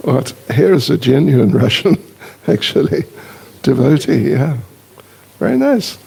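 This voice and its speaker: An older man, a visiting monk, speaking to a congregation in a slow, teasing, self-deprecating way. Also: medium pitch, big pitch swings, creaky, mellow, slightly rough. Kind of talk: casual joking address to a congregation.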